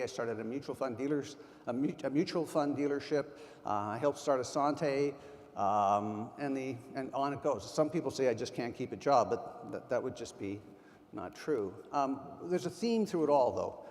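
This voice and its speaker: A man's voice: mid-range voice, darkish tone. A man in his sixties giving a motivational keynote at a sales conference, emphatic and full of anecdotes. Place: large conference hall. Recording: long hall reverb.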